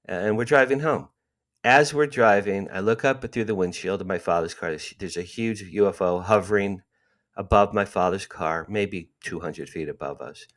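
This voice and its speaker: This New Jersey man in his sixties has a deep voice with a fairly bright tone and a normal pace. Appearing as a podcast guest, he tells stories with animation, performing the dialogue and repeating things to stress them.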